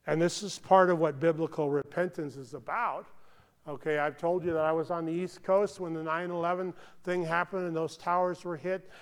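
An American man delivers a sermon in a conversational, earnest way, with a voice sitting a touch high for a man. He keeps checking in with the congregation and drops to near-hushed tones on solemn points. The sound carries a long reverb from a large hall. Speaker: pastor.

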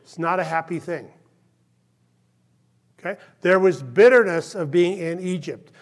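A male pastor preaching a sermon, impassioned and then hushed, checking in with "okay?" often. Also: high voice, unhurried. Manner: impassioned, drops to hushed tones, frequent "okay?" check-ins.

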